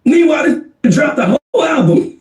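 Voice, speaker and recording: A man's voice: extremely high pitch, big pitch swings, moderate pace, darkish tone, recorded from a distance. A man arguing emphatically in a casual podcast debate, repeating his points for effect. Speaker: podcast co-host in played clip. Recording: roomy, off-mic podcast clip.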